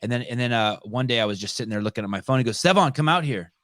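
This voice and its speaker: A man's voice: fairly low pitch, fairly even intonation, very fast, fairly bright tone, clean tone, dry recording. A man in his fifties hosting a podcast, telling stories bluntly and swearing often in casual interview chat. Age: 50s. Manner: profane, blunt storytelling. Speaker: podcast host.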